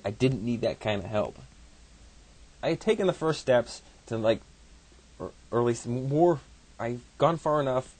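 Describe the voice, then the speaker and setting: A man telling a personal story casually, in a halting, profane way with many restarts. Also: medium pitch, darkish tone, no echo.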